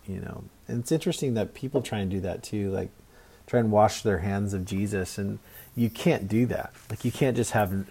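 A man preaching a sermon in a conversational, halting way with many restarts. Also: on the low side, creaky, mellow, husky. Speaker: pastor.

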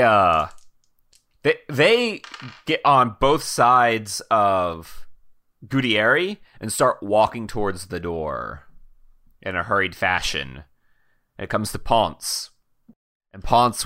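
A man running a tabletop game, his voice lively and full of swings in pitch. He sounds bright and a little low, and he narrates casually with many fillers and restarts. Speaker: game master.

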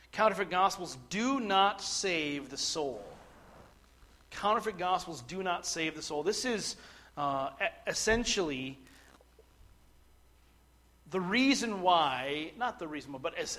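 A middle-aged male pastor with a notably high voice delivers a sermon. He speaks earnestly, often stumbling and restarting his phrases, then builds to forceful, emphatic points.

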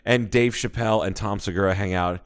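A man's voice: on the low side, brisk. A man from the United States co-hosting a casual comedy podcast, telling stories with lots of swearing and laughter. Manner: animated storyteller, swears freely, laughs often. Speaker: podcast co-host.

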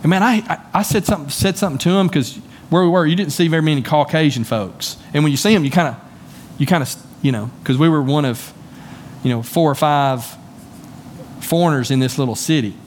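A man's voice: on the high side, brisk, slight background noise. A man with a Southern US accent preaching a sermon as pastor, folksy and conversational, often repeating words as he goes. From Southern United States. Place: church sanctuary.

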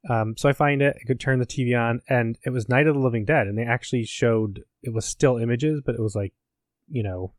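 A man's voice: medium pitch, brisk, dry recording, clean studio sound. A man in casual chat recapping a game, rambling, profane and self-mocking. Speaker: podcast host, academic.

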